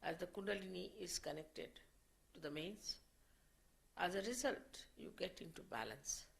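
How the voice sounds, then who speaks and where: A woman speaking as a spiritual teacher, giving an unscripted lecture in a slow, measured way and often repeating her phrases. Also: lowish voice, gravelly, poor audio.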